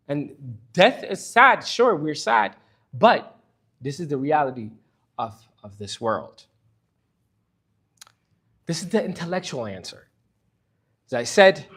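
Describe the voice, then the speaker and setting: A middle-aged man teaches a church Bible study in a slightly husky voice. His pitch swings widely as he moves from calm explanation to open, candid emotion. He speaks earnestly and plainly. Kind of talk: impassioned church lesson.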